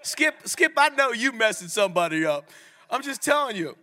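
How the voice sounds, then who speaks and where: A middle-aged man preaching a sermon at a men's ministry, animated and often asking the audience questions. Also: extremely high pitch, normal speed. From Italian heritage. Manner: animated, asks the crowd questions.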